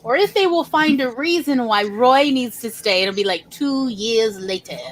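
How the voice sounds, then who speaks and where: A woman's voice: on the high side, normal speed, a loud crowd, rough recording. An American woman hosting a casual group chat on a video call, telling stories and acting out the voices of the people in them. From United States. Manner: animated storyteller, acts out quoted voices. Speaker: host of a writing stream.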